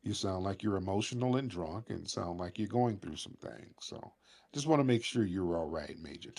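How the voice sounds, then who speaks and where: A man's voice: low-pitched, moderate pace, gravelly. A man hosting a live call-in show who mocks and talks down to an angry caller. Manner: mocking, condescending, lively. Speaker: show host. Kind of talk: heated call-in argument.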